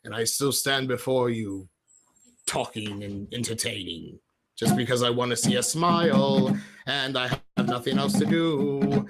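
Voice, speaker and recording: A man's voice: medium pitch, unhurried, faint music behind. Rambling man with an affected British accent. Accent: affected British-sounding accent that comes and goes. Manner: rambling, chatty, self-deprecating, answers viewers' chat messages. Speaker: livestream host. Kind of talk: casual rambling livestream chat. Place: at home.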